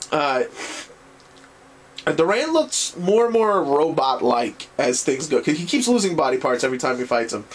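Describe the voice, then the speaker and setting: A man recapping an anime series in a casual video review, rambling and excitable and swearing freely. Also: fairly high pitch, normal speed.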